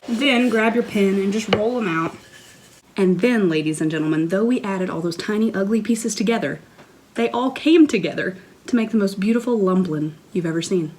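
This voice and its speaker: A woman's voice: medium pitch, moderate pace, darkish tone, slight background noise, poor audio. A woman giving a cooking tutorial in her home kitchen, with playful, self-mocking asides. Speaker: cooking vlogger.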